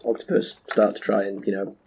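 A man's voice: fairly low pitch, level tone, a little fast, vocal fry, darkish tone, slightly rough. A man playing a tabletop game, wry and joking. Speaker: player. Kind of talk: casual tabletop play.

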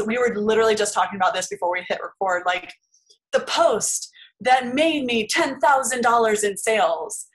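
A woman's voice: mid-range voice, fairly bright tone, poor audio. A woman co-hosting a business podcast, talking in a loose, rambling way with lots of fillers. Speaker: podcast co-host. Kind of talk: casual podcast chat.

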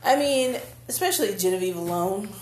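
A woman's voice: mid-range voice, a little fast, slight background noise. Woman, podcast co-host, casual rant, swears a lot, laughs often, echoey room. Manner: animated ranting, curses freely, laughs often. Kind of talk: casual chat.

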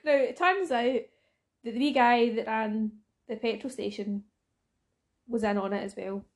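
Scottish woman, fairly high voice, casual podcast chat, teasing, swears a lot, interrupts. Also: measured pace. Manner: brash and teasing, swears freely, cuts in often. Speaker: podcast co-host.

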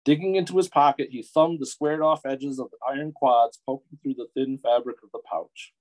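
A middle-aged man from Detroit reading his own fantasy story aloud in a measured storytelling way. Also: mid-range voice, fairly even intonation, a little mellow, rough recording. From Metro Detroit, USA. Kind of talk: audiobook-style fiction reading.

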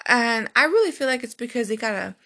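A woman's voice: on the high side, animated, fast, bright, forceful tone. A young woman hosting a podcast, telling dating stories in a candid, profane, laughing manner. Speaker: podcast host. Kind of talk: casual storytelling monologue.

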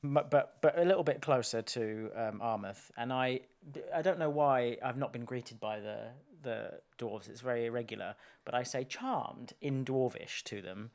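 A man's voice: medium pitch, normal speed, few pauses, a little mellow. A man talking as a player in a tabletop game, hesitant and rambling as he explains his character.

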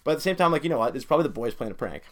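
A young man talks quickly through a story in a relaxed podcast chat. He is animated and chatty, with plenty of filler words. His pitch sits in a middle range. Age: young adult.

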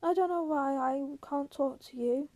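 Woman reading as lonely young ranch wife, coaxing and bitter, high soft voice. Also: unhurried.

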